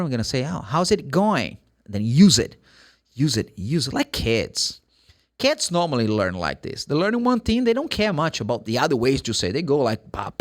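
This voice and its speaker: A man with a Brazilian Portuguese accent giving a casual, chatty English lesson, acting out greetings as he explains them. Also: medium pitch. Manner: chatty, animated, acts out greetings in quick impressions. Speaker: English teacher.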